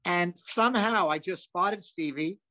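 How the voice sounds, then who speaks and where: A man's voice: sits high, a little slow. Older man telling rambling profane stories. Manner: animated, profane, rambling with asides. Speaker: comedian guest. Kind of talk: anecdotal storytelling.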